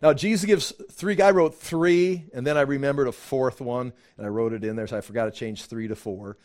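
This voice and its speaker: A man leads a Bible study class in a relaxed, conversational style, frequently restarting sentences and acting out quotes. His voice is mid-range and moves a little fast.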